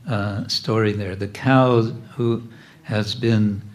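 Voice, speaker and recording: A man giving a devotional class about religious paintings, speaking in a halting, gently humorous way with many fillers. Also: lowish voice, steady tone.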